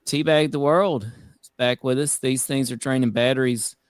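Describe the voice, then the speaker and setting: A man hosting a live-stream talk show in a relaxed, conversational manner. He leans into emphatic asides and keeps things moving. His voice is mid-range and recorded dry and close. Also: mid-range voice, normal speed, clear, resonant tone, no echo. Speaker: host. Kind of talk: casual live-stream chat.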